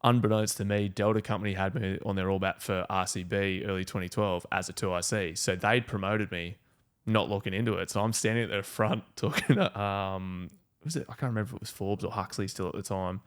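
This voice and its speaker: An Australian man and army veteran telling a story in casual podcast chat, animated and quick to laugh. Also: on the low side, smooth.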